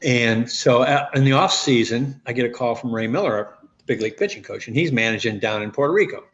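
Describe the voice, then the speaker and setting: A man in his sixties, a former pitcher and guest, telling stories in a rambling way with many restarts. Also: a little fast, a bit bright. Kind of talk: casual interview storytelling. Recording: dull lo-fi audio.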